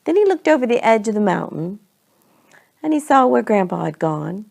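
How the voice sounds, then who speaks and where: A woman telling a homey family story in an unhurried, conversational way. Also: mid-range voice, sing-song, vocal fry, darkish tone. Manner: homey, unhurried, slips between we and they. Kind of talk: storytelling to children.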